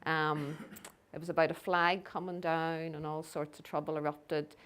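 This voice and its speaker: A woman's voice: low voice, level tone, moderate pace, a bit bright. Belfast woman telling lecture anecdotes. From Northern Ireland. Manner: storytelling, acts out quoted people. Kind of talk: public lecture with slides.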